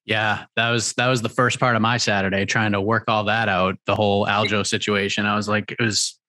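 A man hosting a casual interview, excitable and animated, often repeating his words. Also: fairly low pitch, brisk.

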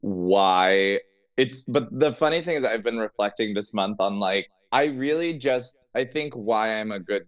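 A man, a drag performer and guest, talks earnestly, circling back and restarting his thoughts as he goes. His low voice is smooth and clear. He sounds close to the mic in a dry room. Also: lively intonation, measured pace, no echo. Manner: rambling, earnest, many restarts. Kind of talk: casual interview chat.

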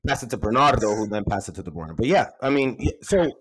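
A man with a voice worn hoarse from shouting debates a match result on a podcast. He talks in an excited, argumentative way, swearing often as he defends his side. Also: medium pitch, quick pace, poor audio. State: hoarse from yelling. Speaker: podcast co-host, City fan. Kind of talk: heated casual football debate.

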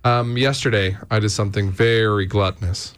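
A man's voice: on the low side, moderate pace, clear, resonant tone. A man hosting a morning radio show, chatting casually and joking with a co-host and callers. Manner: jokey, animated, puts on silly accents.

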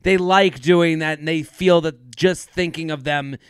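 A man co-hosting a podcast in casual chat, animated, laughing often and acting out quotes. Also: a little high, unhurried, smooth, no echo, studio quality. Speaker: podcast co-host.

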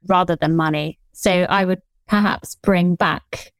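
A woman from England with a Southern English accent, a historian guest speaking in a friendly, measured way. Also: fairly low pitch, fairly even intonation, no echo. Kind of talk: casual interview chat.

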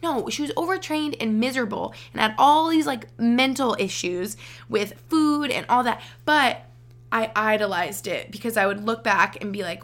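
A woman's voice: on the high side, normal speed. A young woman in her twenties hosting a podcast, giving earnest relationship advice in a chatty, filler-heavy way. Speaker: podcast host. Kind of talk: casual advice chat.

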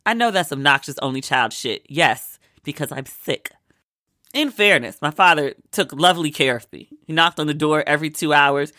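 Vlogger from Maryland, home sick, easygoing chatter with acted-out quotes, bright voice, dry room. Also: mid-range voice, animated, moderate pace, no room sound. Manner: chatty storyteller, acts out quoted lines. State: sick with a cold. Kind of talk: casual chatty monologue.

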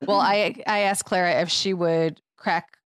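A woman's voice: lowish voice, steady tone, unhurried, clear, resonant tone, dry recording, studio quality. A woman in her thirties co-hosting a podcast, telling stories animatedly and laughing often. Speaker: podcast co-host. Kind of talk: casual chat.

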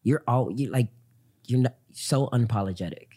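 A man guesting on a podcast, talking in a laid-back, smooth, chill way in casual chat. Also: mid-range voice, moderate pace, dark tone.

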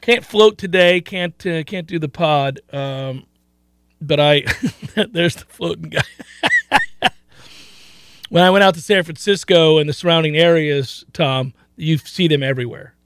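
A man hosting a sports radio show in a studio, telling stories in animated, exclaiming bursts. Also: on the high side, unhurried, long pauses, smooth, no room sound. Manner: animated storytelling, rising to loud exclaiming. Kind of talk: casual sports radio chat. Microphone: studio mic.

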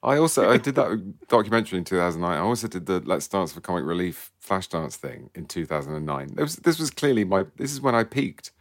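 A man in his forties, a guest author, chatting in a wry, self-deprecating way with halting restarts. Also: low voice, sing-song, no room sound, studio quality. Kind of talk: casual interview chat. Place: studio.

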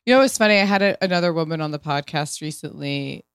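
Woman podcast host, thirties, low smooth voice, upbeat chatty storyteller. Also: expressive, fast, no echo, clean studio sound. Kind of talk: casual chat and read ad.

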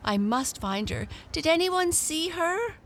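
A woman voicing a kind, worried lady who has lost her cat, calling out in a fretful, high voice. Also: expressive, takes it slowly, full character voice. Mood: anxious.

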